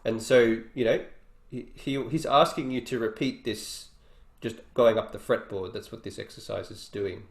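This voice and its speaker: A man's voice: mid-range voice, steady tone, normal speed, few pauses. A man teaching guitar in an online workshop, explaining casually and thinking aloud between demonstrations. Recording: roomy echo with faint guitar.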